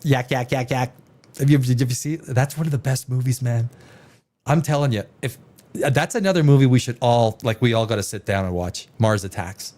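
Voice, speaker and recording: A man's voice: mid-range voice, brisk, a little mellow. A man hosting a live stream, reacting to headlines with sarcastic, rambling casual commentary.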